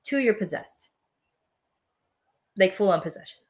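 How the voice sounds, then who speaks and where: A woman talking as a guest on a podcast, animated and quick to laugh, sometimes acting out voices as she explains. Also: mid-range voice. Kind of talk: casual interview chat.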